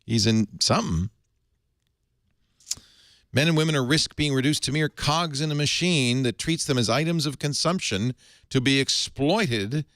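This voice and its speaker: A man's voice: mid-range voice, a bit bright, no echo, studio quality. A man hosting a casual tech panel chat, joking, laughing often and reading quotes aloud. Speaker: podcast host.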